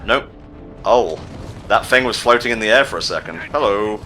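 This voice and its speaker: A man playing a video game while making sarcastic, deadpan jokes, swearing freely. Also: lowish voice, normal speed, a little hiss or hum. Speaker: player in a gameplay video. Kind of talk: casual gaming commentary.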